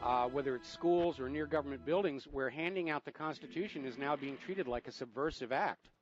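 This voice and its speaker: A man's voice: medium pitch, fairly quick, dull audio, soft background music. A man hosting a talk radio show, asking questions and cutting in with pointed remarks, often hesitating with "uh". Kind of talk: radio interview.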